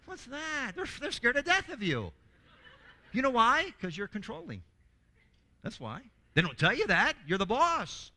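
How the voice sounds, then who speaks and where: A man presenting a workshop in a lively, humorous teaching talk who acts out quoted voices and often restarts his words. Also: very high voice, measured pace.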